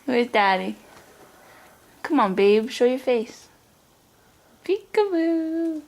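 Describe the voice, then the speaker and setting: A woman's voice: sits high, darkish tone. A young woman at home talking to her baby in cooing, sing-song baby talk. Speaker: mother filming her baby.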